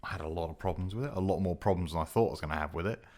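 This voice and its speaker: Tired guy with a deep gravelly voice, muttering through a leatherwork vlog. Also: racing. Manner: relaxed, muttering to himself while working. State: tired after a long week. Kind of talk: casual workshop vlog narration.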